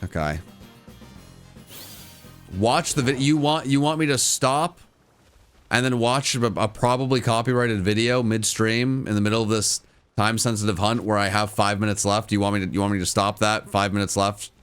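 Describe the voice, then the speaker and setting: A man's voice: on the low side, steady tone, normal speed, clear, resonant tone, soft background music. A man streaming live to his chat, giving casual game commentary and repeating phrases as he goes. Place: home room.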